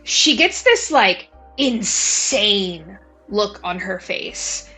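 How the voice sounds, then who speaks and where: A woman's voice: medium pitch, lively intonation, extremely slow, sharp tone, soft background music. A woman narrating a tabletop game as game master, casual and rambling. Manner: casual, rambling, lots of likes.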